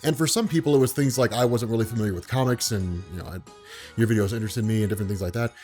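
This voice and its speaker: A man vlogging in a relaxed, unhurried way, with a voice that carries and commands attention, spoken from the diaphragm. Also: lowish voice, faint music behind. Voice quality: carrying, commanding voice. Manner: calm, laid-back, unhurried; speaks from the diaphragm. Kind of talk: relaxed talk to camera.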